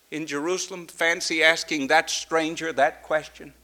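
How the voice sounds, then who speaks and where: A man preaching a sermon, swinging from loud, ringing emphasis to hushed, intense passages and repeating key phrases for effect. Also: a little high, flat delivery, normal speed, few pauses.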